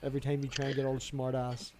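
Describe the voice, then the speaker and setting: An Irish man hosting a casual streamed group chat, protesting loudly and laughing along. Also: mid-range voice, completely flat delivery, quick pace. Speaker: channel host.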